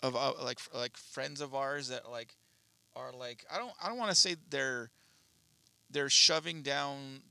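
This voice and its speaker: A man's voice: medium pitch, measured pace, gravelly, pushed and bright, no room sound. A man co-hosting a podcast in casual chat, rambling and hesitant, with frequent swearing. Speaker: podcast co-host.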